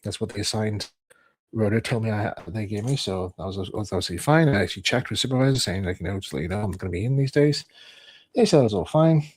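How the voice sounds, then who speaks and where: A man's voice: on the low side, lively intonation, fast, darkish tone, breathy edge. A man streaming, telling a rambling personal anecdote and acting out other people's lines in a raised voice.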